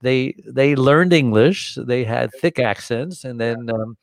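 An older American man telling a long story in a casual, animated way, jumping into different voices to act out the people in it. His voice sits at an everyday middle pitch. The recording is close and completely dry. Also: takes it slowly, gravelly, dry recording. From United States. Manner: animated, acts out dialogue in voices. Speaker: guest.

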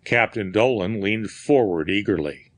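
Male narrator, unhurried, deliberate, bright tone, dry close sound. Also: on the low side, no echo. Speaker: audiobook narrator. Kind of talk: scripted narration.

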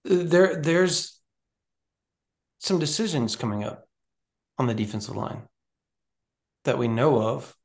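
Man, gravelly voice, mid pitch, rambling sports podcast talk, animated. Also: takes it slowly, pauses often. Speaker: recruiting podcast co-host. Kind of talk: casual sports chat.

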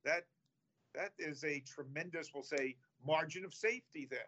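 A man who manages investments, giving halting, measured explanations in a casual finance chat. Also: fairly high pitch, a bit bright, dull audio.

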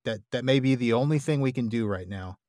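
A man's voice: mid-range voice, a little fast, darkish tone, no room sound, clean studio sound. A man co-hosting a podcast, talking casually and enthusiastically, often with fillers like "you know". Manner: enthusiastic and explanatory, with filler words. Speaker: podcast co-host. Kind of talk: casual discussion.

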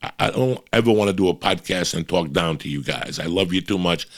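A man's voice: low voice, expressive, brisk, no echo, studio quality. A man hosting a podcast, chatting casually and bluntly, swearing freely and talking straight to his listeners. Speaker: podcast host. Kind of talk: casual chat.

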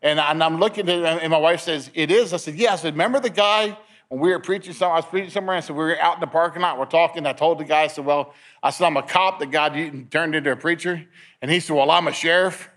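A man's voice: on the high side, fairly even intonation, quick pace, a bit bright. A middle-aged man gives a testimony sermon at a men's meeting, telling his story with many restarts and acting out the dialogue.

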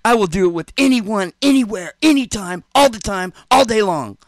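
A man's voice: sits high, expressive, normal speed, gravelly, no echo, studio quality, pitched above the performer's own voice. A man doing a brash, sleazy barfly pal. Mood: boastful. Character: brash sleazy gay male barfly friend, adult.

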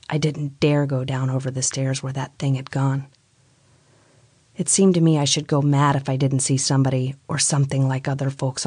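Woman reading a story, low voice, dry close sound. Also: a little mellow, no room sound. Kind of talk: storytelling narration.

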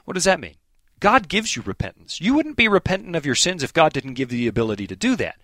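A man's voice: a little high, big pitch swings, quick pace, a bit bright, no room sound. A man answering listener questions in a preaching style, earnest and emphatic, quoting scripture and telling stories.

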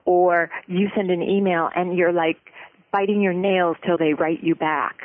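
A guest expert giving relationship advice in an interview, explaining in an earnest, steady way. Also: medium pitch, a little slow, no echo. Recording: tinny phone-like line.

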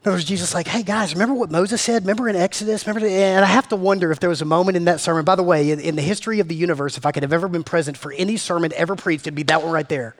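A man preaching to his church in a casual, slangy way, swinging between loud and hushed. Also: a little high, steady tone, rapid-fire, hardly any pauses. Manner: slangy, calls listeners "man" and "family". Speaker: pastor. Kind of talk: sermon. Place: church meeting room.

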